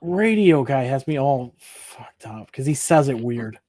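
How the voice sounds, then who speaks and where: A man's voice: medium pitch, expressive, unhurried, warm tone, no room sound. A man co-hosting a podcast, recapping an episode in casual chat, laughing often and acting out the characters' lines. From Michigan. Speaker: podcast co-host.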